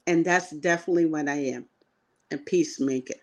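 A woman's voice: low voice, a little fast. A woman guest, a coach and minister, speaking earnestly and affirmingly in an interview. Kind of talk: conversational interview.

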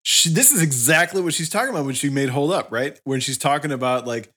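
A man's voice: a little high, fast, pushed and bright. A man co-hosting a podcast, talking eagerly about songs and lyrics in casual chat. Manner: enthusiastic, analytical about music. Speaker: podcast co-host.

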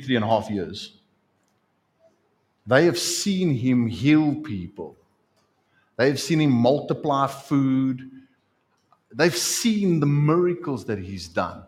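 A man preaching a sermon as pastor, in an animated, conversational way. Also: medium pitch, takes it slowly.

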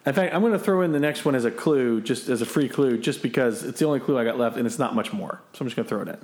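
A man's voice: mid-range voice, rapid-fire, darkish tone, echoey room, slight background noise. A man hosting a casual podcast movie quiz, chatty and self-deprecating, laughing often. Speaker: quiz host.

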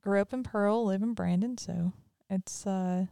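Host: woman, Southern accent with Northern touches, mid pitch, crisp, chatty. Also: steady tone, unhurried, dark tone, no echo, clean studio sound. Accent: Mississippi Southern with some Northern. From Mississippi. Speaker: podcast host. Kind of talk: casual chat.

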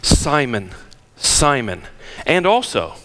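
An older man preaching a sermon, emphatic and animated, firing rhetorical questions at the congregation. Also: medium pitch, slow pace. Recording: long hall reverb.

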